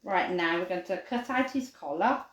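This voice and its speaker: A woman with a fairly low voice leads a live craft lesson for children, speaking at a moderate pace in a reverberant space. She's chatty, cheerful and animated, playfully saying dog barks now and then.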